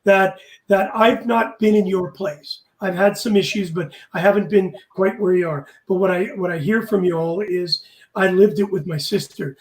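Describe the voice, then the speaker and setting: Emotional high-voiced host in an echoey room. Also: male voice, fairly even intonation, normal speed. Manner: emotional, heartfelt storytelling. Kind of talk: casual chat.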